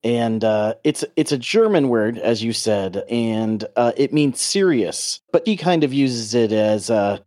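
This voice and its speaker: A man's voice: mid-range voice, lively intonation, unhurried, hardly any pauses, a little mellow, no echo, clean studio sound. A man co-hosting a podcast, easygoing in casual chat. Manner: easygoing, laughs often.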